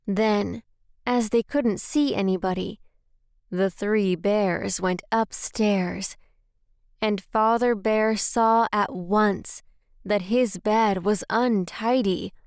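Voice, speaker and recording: A woman whose native language is Spanish, reading a children's story aloud in a slow, careful way. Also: mid-range voice, fairly even intonation, a little mellow, no room sound, clean studio sound.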